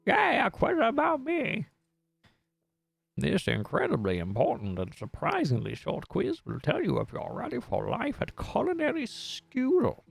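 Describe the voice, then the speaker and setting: A man's voice: very high voice, huge pitch swings, a little slow, vocal fry, slightly rough, dry recording, faint music behind, voice pushed up, full character voice. A man voicing a strict, fussy male dog professor in a crotchety old-man voice.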